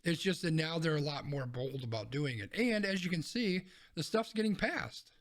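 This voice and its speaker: A man's voice: on the high side, lively intonation, moderate pace. A man co-hosting a casual opinion podcast, talking bluntly and swearing freely as he rants about the news. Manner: blunt, profane ranting. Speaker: podcast co-host.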